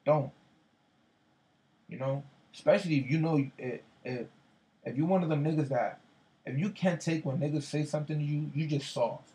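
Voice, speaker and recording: A man's voice: a little high, normal speed, long pauses, warm tone, poor audio. A man in casual chat, retelling an argument with lots of slang and profanity, repeating himself as he goes. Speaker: storyteller in a casual conversation.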